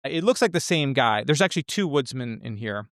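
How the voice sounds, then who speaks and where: A man co-hosting a podcast, chatting casually and enthusiastically about a film, rambling with quick restarts. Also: mid-range voice, animated, a bit bright, no room sound, studio quality. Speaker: podcast co-host.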